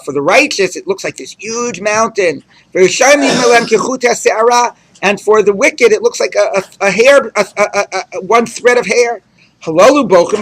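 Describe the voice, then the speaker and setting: A man's voice: sits high, creaky, a bit bright. A man teaching a Talmud class in a conversational way, reading Aramaic and translating it phrase by phrase with frequent restarts. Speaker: rabbi teaching daily Talmud page. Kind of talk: Talmud study lecture.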